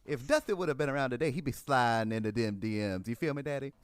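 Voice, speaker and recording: A man's voice: mid-range voice, quick pace, clear, resonant tone, no echo, lightly acted. A man doing an impression of a famous wrestler, drawling and swaggering. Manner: drawling, swaggering, says "Daddy".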